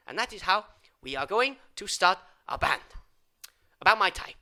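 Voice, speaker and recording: A man doing an improvised comic monologue. He rambles absurdly in mock-foreign phrasing and swings from loud outbursts to whispers. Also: sits high, big pitch swings, moderate pace. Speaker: improv comedian.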